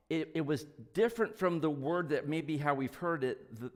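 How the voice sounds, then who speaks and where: Folksy preaching man in a reverberant church. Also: on the high side. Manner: conversational, folksy preaching with asides and small jokes. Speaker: pastor. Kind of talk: sermon. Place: church sanctuary.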